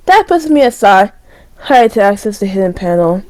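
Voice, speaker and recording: A woman's voice: medium pitch, very animated, normal speed, a little mellow, no room sound, low-quality recording. A young woman reading a dating sim aloud, stumbling over words and breaking into dramatic shrieks. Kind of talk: reading game text aloud with reactions.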